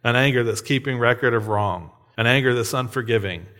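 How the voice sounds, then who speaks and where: Male pastor, 30s, relaxed conversational sermon, mid-pitched voice, keeps asking the room "right?". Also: a little fast. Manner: conversational, frequent tag questions.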